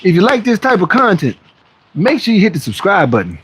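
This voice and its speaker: A fitness livestream host chats loosely with his audience, rambling and restarting in slangy talk and often voicing other people. His voice is high and a bit bright with a breathy edge, its pitch swooping wildly, and he speaks a little fast.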